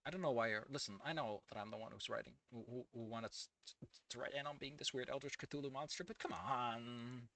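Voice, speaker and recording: A man's voice: mid-range voice, brisk, creaky, a bit bright. A man giving casual commentary on a fan fiction he reads aloud, ranting in a profane, exasperated way.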